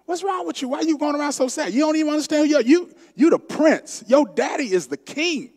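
A man's voice: very high-pitched, animated, quick pace, a little mellow, pitched above the performer's own voice. A preacher voicing a crafty young man who needles a sulking prince with incredulous questions. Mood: needling. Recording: long church sanctuary reverb.

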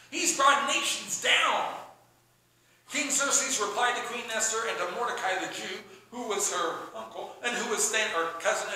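A man preaching a sermon, retelling a scripture story with animated storytelling and acting out the characters' lines. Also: sits high. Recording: echoey room with faint background noise.

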